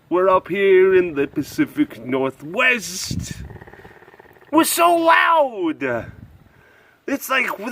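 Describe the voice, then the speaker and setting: A loud, bragging football superfan, as a man puts him on, high-pitched and mocking. He shouts his boasts with big, swooping pitch. The lines are drawn out slowly. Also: exaggerated voice.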